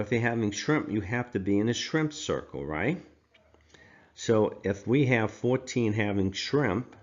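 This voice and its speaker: Slow, deep-voiced man teaching math. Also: dull audio. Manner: slow, talks through counting step by step, self-correcting. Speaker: math instructor. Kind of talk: recorded screencast lesson.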